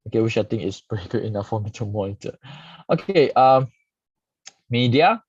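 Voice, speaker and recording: Guy going over stock charts, lowish mellow voice, keeps saying okay, dull dry recording. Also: animated, moderate pace, slightly rough, dry recording. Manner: frequent "okay" tags, casual explaining. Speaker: stock market analyst host. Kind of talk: live stock chart review.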